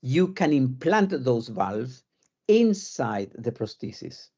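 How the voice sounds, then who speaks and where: Male surgeon guest, South American-British accent, halting and repetitive, dull lo-fi stream sound. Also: medium pitch, big pitch swings, a little mellow. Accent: South American mixed with British. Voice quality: halting, repeats words while searching. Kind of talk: live Q&A interview.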